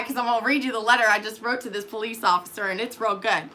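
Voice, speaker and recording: A woman, a nurse and lactation consultant, ranting heatedly to camera, swearing constantly and swinging from quiet asides to loud outbursts. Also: on the high side, fairly even intonation. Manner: swearing, heated, fast-shifting loudness. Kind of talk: profane ranting monologue to camera.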